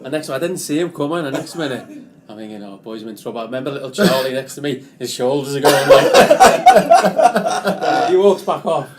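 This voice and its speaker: A man's voice: medium pitch, expressive, normal speed, very noisy. A man with a Liverpool accent, a podcast guest who coaches youth football, chatting in a laid-back, chuckling way. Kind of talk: casual chat.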